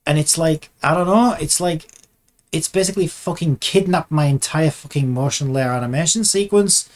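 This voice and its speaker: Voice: mid-range voice, normal speed, darkish tone. Frustrated indie dev at the keyboard: curses constantly, mutters, restarts thoughts mid-sentence. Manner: exasperated, swears constantly, muttering to self; trails off and restarts sentences while working. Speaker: game developer vlogger. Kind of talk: casual dev vlog commentary while working.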